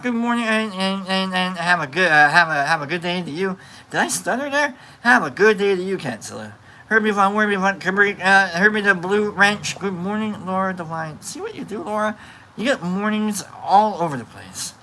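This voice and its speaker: Bright-voiced man chatting with viewers. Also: high-pitched, expressive, fairly quick, slight background noise, low-quality recording. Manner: rambling and playful, with many fillers and restarts. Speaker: livestream host. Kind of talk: casual chat reading out viewer comments.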